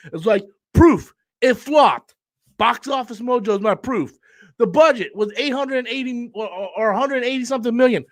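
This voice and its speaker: A man with a notably high voice hosts a live-stream discussion. He rambles and repeats himself, and turns combative when he answers critics. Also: fairly bright tone. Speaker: channel host.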